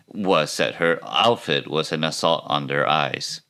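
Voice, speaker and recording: A man's voice: rumbling low, unhurried, vocal fry, hardly any pauses, bright, forceful tone, smooth. A man hosting a podcast, ranting about retail work in a wry, self-mocking way with rambling asides. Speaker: podcast host. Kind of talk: comedic retail-work rant and video reactions.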